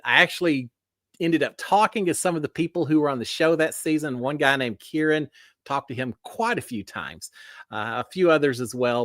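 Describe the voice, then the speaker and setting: A man's voice: a little high, fairly bright tone, no room sound, clean studio sound. A man hosting a casual livestream, greeting viewers by name in a folksy way with lots of fillers. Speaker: livestream host.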